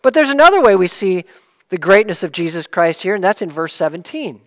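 A man preaching a sermon, explaining each point earnestly, rising for emphasis and dropping low to close a point. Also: very animated, fairly quick, a bit bright, in a large hall.

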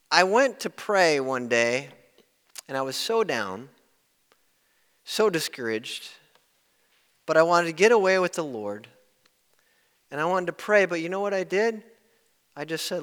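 A man preaching a sermon in an earnest way, rising to loud emphasis and dropping to hushed tones when quoting. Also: on the high side, expressive, a little slow, pauses often, clean tone, long reverb tail. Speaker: pastor.

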